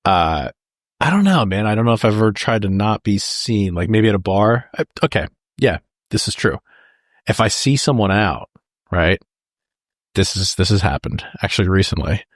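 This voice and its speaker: In a casual movie-discussion chat, a male podcast co-host talks a film over with his partner, calling listeners "folks." His voice sits on the low side, recorded with studio quality and no echo. He sounds laid-back and conversational.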